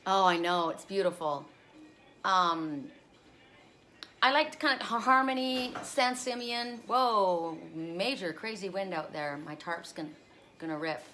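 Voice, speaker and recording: Bright-voiced chatty woman live-streaming outdoors. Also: medium pitch, animated, unhurried, soft background music. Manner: chatty and rambling, talks straight to viewers. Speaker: oracle card reader hosting a live stream. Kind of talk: casual live-stream chat. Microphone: phone camera.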